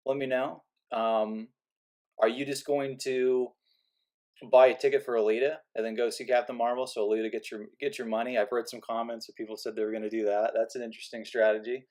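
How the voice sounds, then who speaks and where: A man's voice: mid-range voice, little pitch movement, brisk, darkish tone. A man delivering a sarcastic, rambling movie rant to his viewers, often restarting his sentences. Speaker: movie vlogger. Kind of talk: opinionated rant to camera.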